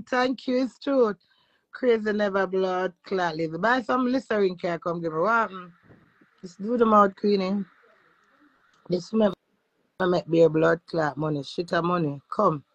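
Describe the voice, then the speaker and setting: A woman's voice: medium pitch, no echo, dull audio. A Jamaican woman who is a social media influencer, chatting brashly and profanely in patois with her live-stream viewers. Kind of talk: casual live-stream chat.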